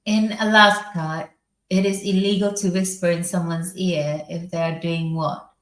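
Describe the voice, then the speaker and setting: Slow-talking British woman in echoey room. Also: lowish voice, fairly even intonation. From United Kingdom. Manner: slow, halting, reads aloud with pauses. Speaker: spicy food challenge vlogger. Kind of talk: casual vlog talk, reading trivia aloud.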